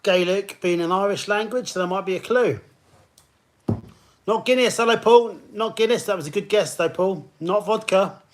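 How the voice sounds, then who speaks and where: Casual male quiz host, upbeat and higher-pitched, chats with players between questions. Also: normal speed. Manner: chatty, greets players by name between questions. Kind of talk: live-streamed pub quiz hosting.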